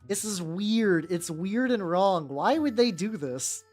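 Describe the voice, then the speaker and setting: A woman voicing a grumpy, boastful male orc warrior who grumbles slowly and scornfully. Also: mid-range voice, expressive, darkish tone, soft background music.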